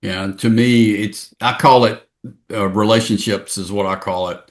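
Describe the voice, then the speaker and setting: A man's voice: fairly low pitch, steady tone, moderate pace. Man hosting a podcast interview. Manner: conversational, loose, restarts his questions. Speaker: podcast host, trade association CEO.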